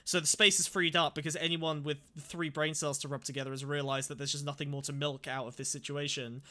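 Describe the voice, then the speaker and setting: A man co-hosting an online podcast, sarcastic and mocking, who breaks into loud yelping bits. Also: a little high, flat delivery, fairly quick. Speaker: podcast co-host. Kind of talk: casual banter.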